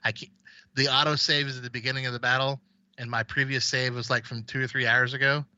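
A man rambles casually about games on a podcast, his voice very bright and forward. The sound is dry and close, though a little dull in band. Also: medium pitch, flat delivery, fast talker, no echo. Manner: rambling, with many fillers and restarts. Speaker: podcast co-host.

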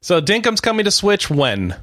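Lively joking man reading out game news. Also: high-pitched, moderate pace, dry recording, studio quality. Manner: joking, leads the topic list. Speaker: podcast co-host. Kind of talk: casual gaming news chat.

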